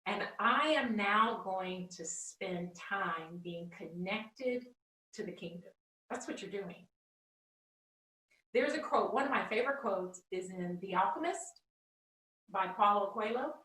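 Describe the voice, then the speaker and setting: Woman guest, expressive storyteller acting out dialogue; bright tone, sits back from the mic in a roomy space. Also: medium pitch, slow pace, far from the mic. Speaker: guest, founder of a faith project. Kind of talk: animated faith testimony in conversation. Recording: roomy sound, speaker away from the mic.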